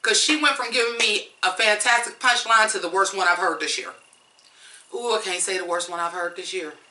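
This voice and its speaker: A woman's voice: mid-range voice, brisk, bright, forceful tone, echoey room, a little hiss or hum. A woman reviewing songs in a blunt, profane, fired-up rant. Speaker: music reviewer. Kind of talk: ranting song review.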